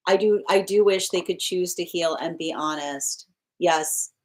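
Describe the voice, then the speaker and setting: A woman's voice: lowish voice, unhurried, darkish tone. Chatty woman tarot reader on a live stream. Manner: chatty and loose, laughs often, restarts sentences. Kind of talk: casual live-stream chat, reading viewer comments. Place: at home with her pet nearby.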